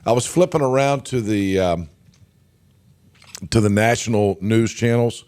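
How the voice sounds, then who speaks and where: A man hosting a morning radio talk show, his voice hoarse from a lingering cold. He speaks in a lowish register and rambles loosely, filling his sentences with ums and uhs. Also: measured pace, a little mellow. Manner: rambling, chatty, many fillers. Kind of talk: casual morning show banter.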